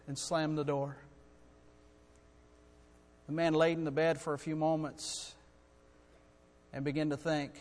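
A middle-aged man preaching a sermon in a church, earnest and building to loud, urgent storytelling. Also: on the high side, flat delivery, a little slow, long pauses. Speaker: guest preacher. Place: church sanctuary. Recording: long hall reverb.

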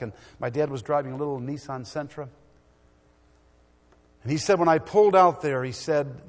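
A middle-aged man preaching a sermon in a church, swinging from loud exhortation to quiet storytelling. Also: medium pitch, husky, big-room sound.

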